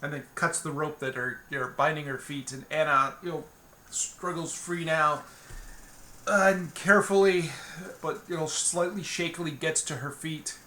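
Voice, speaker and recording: A man's voice: on the high side, measured pace, bright, forceful tone. A man narrating a solo tabletop game in a loose, rambling way, often restarting his sentences. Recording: roomy echo.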